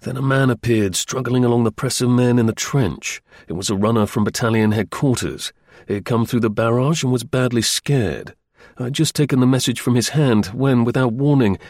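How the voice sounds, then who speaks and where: A man reading a first-person story aloud as an audiobook narrator, in a measured, wry storytelling manner. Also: mid-range voice, darkish tone, no room sound, clean studio sound.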